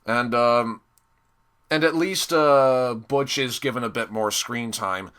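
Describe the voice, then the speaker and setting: A man's voice: medium pitch, takes it slowly, fairly bright tone, clean tone. Sarcastic, exasperated young man ranting. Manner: hesitant, many fillers and restarts. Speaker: episode reviewer. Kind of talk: casual spoken review.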